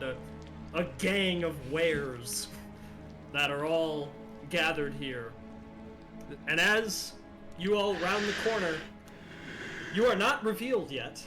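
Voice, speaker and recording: A man running a tabletop game as game master, narrating scenes in an unhurried, descriptive way with fillers. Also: fairly high pitch. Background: background music.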